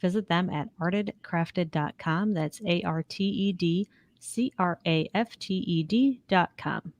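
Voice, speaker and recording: A woman's voice: fairly low pitch, measured pace, dry recording. Upbeat woman reading podcast sponsor spots. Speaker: podcast co-host. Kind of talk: sponsor ad reads.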